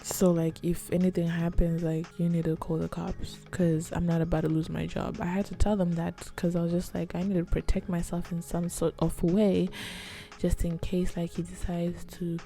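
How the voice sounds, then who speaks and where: A young woman telling a story in a soft, casual ASMR style, chatty and full of filler words. Her voice sits a little low, with a mellow, gravelly texture. Faint music plays behind her. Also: little pitch movement, normal speed. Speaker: vlogger.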